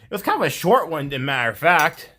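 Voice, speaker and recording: A man's voice: fairly high pitch, fast talker, slight background noise. A man telling a story to his viewers in a rambling, repetitive way, ending with a moral and a sign-off. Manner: rambling, animated, repeats himself. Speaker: vlogger. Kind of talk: casual storytelling to camera.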